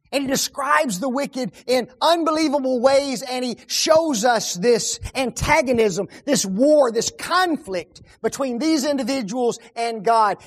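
A man preaching on a psalm, firing rhetorical questions and repeating key words, often dropping his voice to a hush. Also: extremely high pitch. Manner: rhetorical questions, dramatic drops to hushed tones. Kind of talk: sermon on a psalm.

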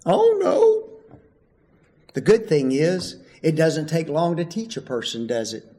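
A man preaching a sermon, emphatic and full of rhetorical questions, swinging from loud calls to hushed asides. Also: on the high side, big pitch swings, moderate pace.

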